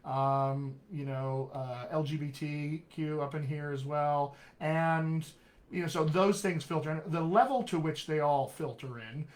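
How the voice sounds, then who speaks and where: A man's voice: on the high side, unhurried. A man from Colorado with a General American accent tinged with West Texas and upstate New York, teaching a live online accent lesson in an emphatic, friendly way. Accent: General American with West Texas and upstate New York traces. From Colorado, USA. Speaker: dialect coach.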